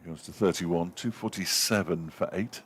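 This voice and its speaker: A man's voice: low voice, normal speed, breathy edge. A man giving live ball-by-ball cricket commentary from a commentary box, lifting his voice to call the runs.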